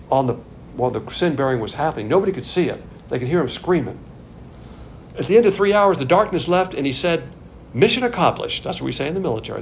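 An older man from the American South teaching a Bible sermon, swinging between loud emphasis and quiet asides. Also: medium pitch, slight background noise. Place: Texas.

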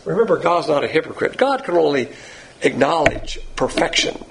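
A man's voice: fairly high pitch, animated, normal speed, creaky, background noise. A man teaching a Bible lesson in a blunt, lecturing sermon style, pointing to words he has written up. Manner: blunt, lecturing, uses a board.

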